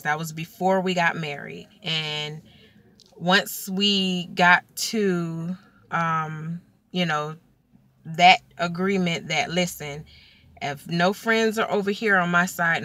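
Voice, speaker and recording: A young woman casually telling a personal story to camera, chatty and animated, full of fillers. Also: fairly low pitch, dry recording.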